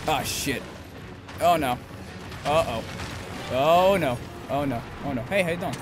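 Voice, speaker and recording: A man giving let's-play commentary while playing, swearing often and swinging from low grumbling to high yelps. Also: expressive, measured pace. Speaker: gameplay commentator. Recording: game music loud behind voice.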